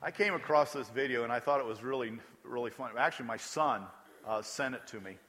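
A man's voice: mid-range voice, brisk, sharp tone. A man preaching a sermon as pastor, emphatic and acting out prayers aloud. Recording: long hall reverb.

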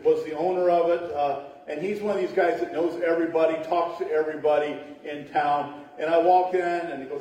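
A man's voice: fairly high pitch, expressive, fairly quick, hardly any pauses, darkish tone. Man preaching in a very echoey hall. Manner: chatty, laughing asides, acts out voices in stories. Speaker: pastor. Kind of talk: storytelling sermon. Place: church sanctuary. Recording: echoey church hall from far off.

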